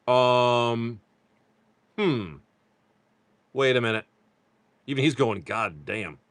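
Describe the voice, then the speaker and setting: A man's voice: medium pitch, slow, smooth, dry recording. A man chatting casually on a live stream, joking with viewers while he reads off cards. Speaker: card-break livestream seller.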